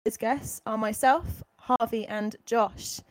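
A woman setting up an improv game from her bedroom on a video call, brisk and organizing. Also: on the high side, steady tone, no echo. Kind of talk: casual improv game hosting.

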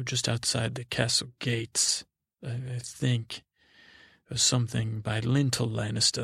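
Male comic improviser, gravelly and flat, playing a naive childlike narrator who rambles and restarts constantly. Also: medium pitch, dry recording, clean studio sound. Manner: rambling, halting, full of restarts; naive, childlike storyteller persona. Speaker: comedy podcast host. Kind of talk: improvised in-character comedy storytelling.

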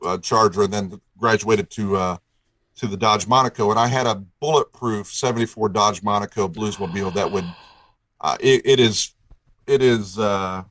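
A man's voice: lowish voice, moderate pace, a bit bright, no echo, rough recording. Dry-voiced rambling storyteller man. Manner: enthusiastic, rambling, with frequent restarts. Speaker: guest. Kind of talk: casual storytelling chat.

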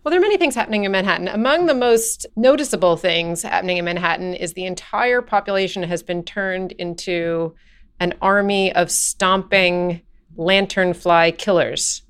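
A woman's voice: lowish voice, moderate pace, clean tone. A woman correspondent on a news podcast, describing things in a playful, vivid way. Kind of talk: conversational news chat.

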